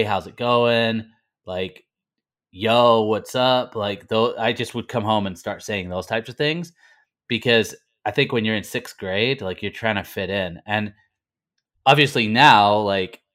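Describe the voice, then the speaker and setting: A man's voice: fairly low pitch, unhurried, a bit bright. A man from the north of England, now speaking with an American accent, telling his story as an interview guest with many fillers and restarts. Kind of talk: conversational interview.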